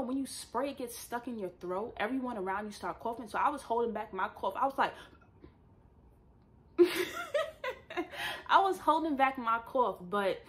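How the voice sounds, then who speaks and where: A young woman vlogger at home, telling a personal story to camera in an emphatic, animated way and often addressing her viewers directly. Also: mid-range voice. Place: at home with a dog nearby.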